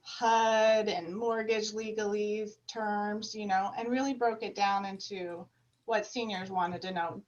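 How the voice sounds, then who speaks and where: A woman guest chatting in a lively way on a video call, laughing often and getting louder when amused. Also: mid-range voice, moderate pace. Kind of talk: casual interview chat. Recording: distant, dull remote mic.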